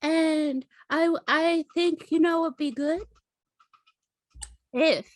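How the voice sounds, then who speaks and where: A woman's voice: medium pitch, lively intonation, slow, poor audio. A woman voicing a stoned young female adventurer who rambles and keeps repeating herself. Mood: rambling, stoned. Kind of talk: in-character roleplay.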